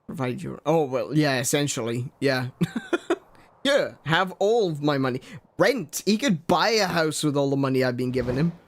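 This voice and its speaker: A man's voice: medium pitch, lively intonation, brisk, hardly any pauses. A young man chatting casually and joking as he plays a farming game with a guest, laughing often and thinking aloud. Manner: joking, chuckly, thinks aloud while playing. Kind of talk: casual gameplay chat.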